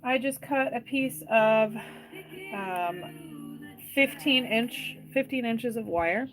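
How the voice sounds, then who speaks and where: A woman's voice: a little high, slow pace, a bit bright, soft background music, low-quality recording. A woman leading a live craft tutorial, talking through each step unhurriedly and chatting with viewers' comments as she works. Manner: chatty, reads and answers live viewer comments between steps. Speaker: jewelry maker demonstrating wire wrapping.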